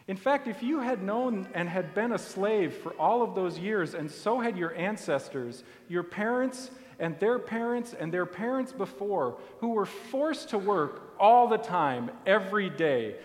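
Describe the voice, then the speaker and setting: Brief: male preacher, high voice, slow storytelling sermon, reverberant sanctuary. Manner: storytelling, soft and deliberate. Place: church sanctuary. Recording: long hall reverb.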